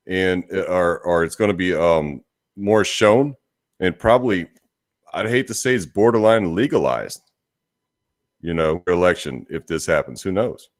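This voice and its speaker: A man co-hosting a casual political podcast, jokey and animated, talking in quick bursts. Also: fairly low pitch, no room sound, clean studio sound. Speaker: podcast co-host.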